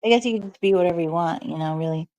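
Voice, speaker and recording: A woman's voice: fairly low pitch, very fast, mellow, no echo, rough recording. A woman streaming from home, chatting casually with her viewers and answering chat messages in a rambling way full of "like" and "um". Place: at home, snowed in.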